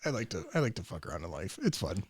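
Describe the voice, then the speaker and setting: A young man, a podcast guest, telling a story in a loose, profane, animated way and acting out the voices. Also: low-pitched, rapid-fire, vocal fry, husky, no room sound, clean studio sound. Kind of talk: casual storytelling.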